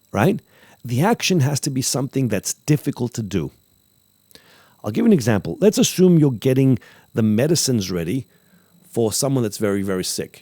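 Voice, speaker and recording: A man hosting a podcast, talking casually about acting craft, animated and repeating phrases for emphasis while acting out example lines. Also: lowish voice, dry recording. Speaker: podcast host, acting teacher.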